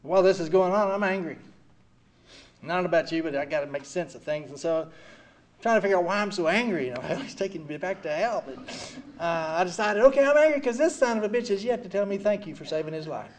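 A man in his sixties giving an earnest personal recovery testimony, swinging from quiet heavy passages to loud wry ones. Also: high-pitched, lively intonation, fast talker, slight background noise. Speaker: speaker sharing at a recovery meeting.

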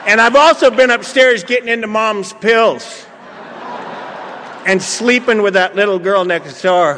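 A man's voice: sits high, measured pace, noisy background. A middle-aged man telling funny stories to a meeting, acting out bits of dialogue and joking with the crowd. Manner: joking, storytelling, acts out dialogue. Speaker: speaker at a recovery meeting. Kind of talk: humorous recovery talk to an audience. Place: meeting hall. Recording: reverberant hall, audience laughter.

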